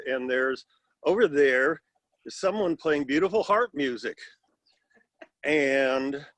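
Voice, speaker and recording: A man's voice: mid-range voice, dry recording. Wry older man telling reunion stories. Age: 60s. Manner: rambling, wry, self-deprecating humor. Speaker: alumnus at class reunion. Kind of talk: casual anecdote on video call. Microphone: video call.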